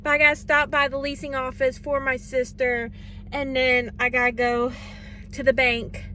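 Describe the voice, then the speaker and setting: A woman who runs a small craft shop, chatting in a casual vlog, excited and close to tears, talking into a phone in a vehicle. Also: high voice, moderate pace, slight background noise. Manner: emotional, near tears, excited. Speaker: craft shop owner vlogging.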